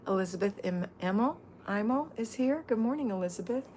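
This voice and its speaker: A woman's voice: mid-range voice, lively intonation, a little fast, a little mellow, a little hiss or hum. A middle-aged woman hosting a casual livestream, chatting and greeting viewers by name as a home-organizing mentor.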